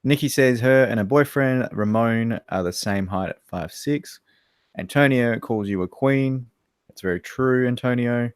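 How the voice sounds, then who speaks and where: A man's voice: medium pitch, a little slow, clean tone, no echo, clean studio sound. An Australian man chatting casually on a livestream, joking around, swearing freely and mimicking people he quotes. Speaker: guest co-host.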